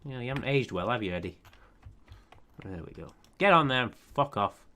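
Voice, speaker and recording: A man's voice: mid-range voice, lively intonation, brisk, sharp tone. Sarcastic man cursing at game characters. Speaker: let's play commentator. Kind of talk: commentating over a life-sim game.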